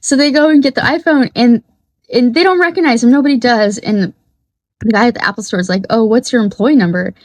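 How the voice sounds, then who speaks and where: A woman's voice: on the high side, a little fast, no echo. A woman hosting a podcast in a casual, rambling monologue, swearing freely and laughing often. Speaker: podcast host.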